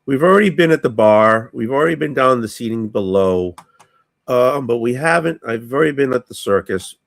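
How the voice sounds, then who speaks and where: A hoarse man playing a tabletop game, hesitant and thinking aloud with many ums. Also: medium pitch, expressive, moderate pace, no echo. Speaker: player.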